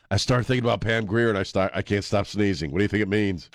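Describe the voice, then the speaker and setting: A man's voice: lowish voice, vocal fry, no room sound, studio quality. A man hosting a talk radio show, joking and laughing in a laid-back way. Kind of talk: casual talk radio banter. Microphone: studio mic.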